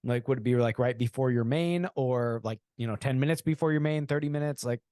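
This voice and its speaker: A man hosting a casual podcast interview, relaxed and agreeable, asking easygoing questions. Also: mid-range voice, a little fast, no room sound, studio quality. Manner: relaxed, agreeable, says "super awesome". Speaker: podcast host.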